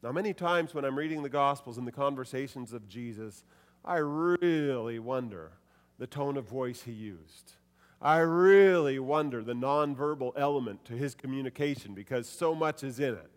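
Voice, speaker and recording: A pastor preaching a sermon to a congregation, animated, voicing quoted lines with shifts in pitch and loudness. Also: male voice, moderate pace, big-room sound.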